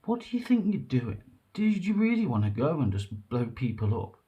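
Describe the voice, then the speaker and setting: Man, vlogger, mellow warm tone; earnest, rambling, halting delivery. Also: mid-range voice, sing-song, muffled recording. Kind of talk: emotional personal monologue to camera.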